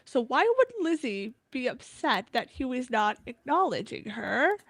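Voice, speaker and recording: A woman's voice: a little high, lively intonation, unhurried, fairly bright tone, no room sound. A woman co-hosting a live book discussion over a video call, chatting casually and agreeing often. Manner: easygoing, agreeable, short backchannel replies. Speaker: podcast co-host.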